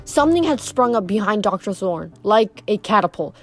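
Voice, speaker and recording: A woman reading a novel aloud in steady first-person storytelling, with occasional stumbles and rereads. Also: mid-range voice, moderate pace, soft background music. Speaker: reader.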